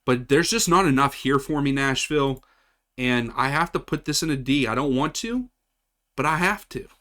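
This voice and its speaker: A man's voice: mid-range voice, animated, normal speed, a bit bright. Chatty man ranking soccer kits. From West Virginia. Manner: chatty, repeats himself, frequent restarts. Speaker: soccer channel host. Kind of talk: casual tier-list commentary.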